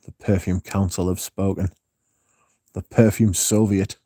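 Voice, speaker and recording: A man's voice: deep voice, fairly even intonation, normal speed, dark tone, dry recording. A man hosting a casual livestream, reading viewer comments aloud and answering them with dry, sardonic banter. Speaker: livestream host.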